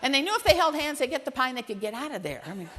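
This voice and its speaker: A woman speaks from a conference stage in a fairly high voice. She tells a family story with wry humor and acts out the dialogue, then grows hushed and earnest. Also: very animated, very fast, slight background noise. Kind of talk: humorous personal storytelling speech. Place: large conference hall stage.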